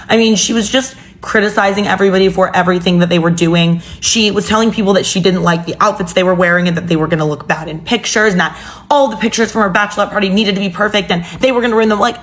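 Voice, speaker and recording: A young woman telling a personal story in a casual, chatty way with exasperated asides. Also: lowish voice.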